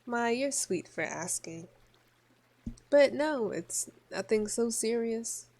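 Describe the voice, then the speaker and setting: A woman voicing a languid noble countess while reading a visual novel aloud in voices, with a slow, drawn-out, mock-regal delivery. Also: a little high, lively intonation, darkish tone, full character voice. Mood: wistful.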